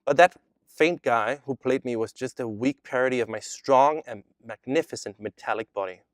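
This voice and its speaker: A man's voice: medium pitch, moderate pace, dry recording, clean studio sound, lightly acted. A man reading as a chatbot posing as a boy. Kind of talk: reading a chat transcript aloud.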